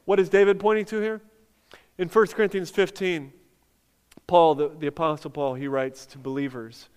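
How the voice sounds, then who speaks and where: A man's voice: a little high, fairly even intonation, moderate pace, clean tone. A man preaching a sermon as pastor, talking conversationally with lots of "like" and building to emphatic peaks. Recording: long hall reverb.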